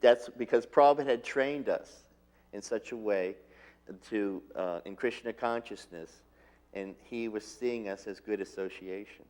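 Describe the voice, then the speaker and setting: A man reminiscing about his teacher in an interview, telling stories gently and acting out what was said. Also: on the low side, measured pace. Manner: gentle storytelling, acting out quotes. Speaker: disciple recalling his teacher.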